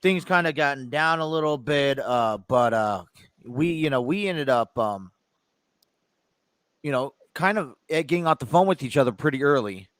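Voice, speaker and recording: A man's voice: medium pitch, expressive, moderate pace, a bit bright, no room sound. Rambling male podcast host, dry sound. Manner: rambling, many fillers and restarts. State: stuffy. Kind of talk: casual chat. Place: home studio in his living room.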